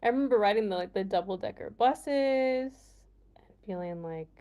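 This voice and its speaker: A woman's voice: mid-range voice, expressive, normal speed, lo-fi sound. A young American woman from the Midwest with a Midwestern accent, chatting casually with viewers on a livestream, laughing often and saying "like" a lot. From United States, Midwest. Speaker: livestream host.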